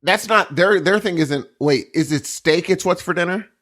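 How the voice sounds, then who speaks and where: A man's voice: high-pitched, moderate pace, a bit bright. A young man co-hosting a podcast, rambling in casual chat and acting out little voices. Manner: rambling, jokey, acts out voices. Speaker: podcast co-host.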